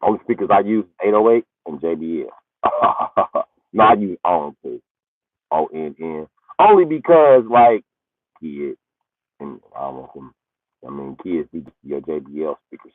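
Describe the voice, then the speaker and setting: A man doing a profane comedic rant on a livestream. He swings from high yelling to low muttering. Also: big pitch swings, measured pace, dry recording. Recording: tinny phone-like audio.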